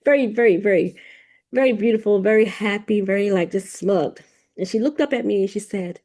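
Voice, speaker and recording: A woman's voice: fairly high pitch, brisk, dark tone. A woman hosting a podcast, telling a spiritual vision in a rambling, casual way, often repeating words and restarting sentences. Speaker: podcast host. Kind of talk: casual spiritual storytelling monologue.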